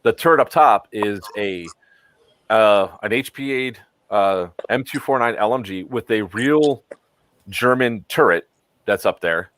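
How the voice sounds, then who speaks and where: A man's voice: on the low side, a little slow, fairly bright tone, no echo. A man hosting a casual chat stream who rambles and fills his talk with frequent ums. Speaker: stream host.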